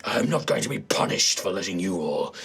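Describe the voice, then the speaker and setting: A man voicing a menacing demonic male commander in a tabletop game, with a low, growling threat. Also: sing-song, a little fast, gravelly, a bit bright, exaggerated voice. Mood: defiant.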